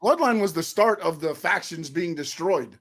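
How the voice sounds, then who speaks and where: A man's voice: a little high, lively intonation, a bit bright. Skeptical man arguing on a podcast. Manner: argumentative, skeptical, quick questions. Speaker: co-host. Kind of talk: casual wrestling podcast chat.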